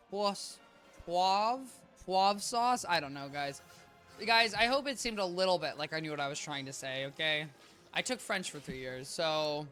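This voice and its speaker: A man streaming a game, chatting casually with viewers in a rambling, self-interrupting way, a little tired and low on energy. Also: pushed and bright. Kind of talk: casual live-stream gameplay chat. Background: game music.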